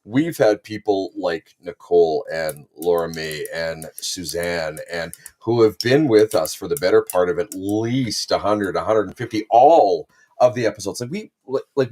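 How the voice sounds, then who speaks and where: A man co-hosting a podcast in casual chat, animated and repeating "do you know what I mean". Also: lowish voice, a little slow. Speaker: podcast co-host.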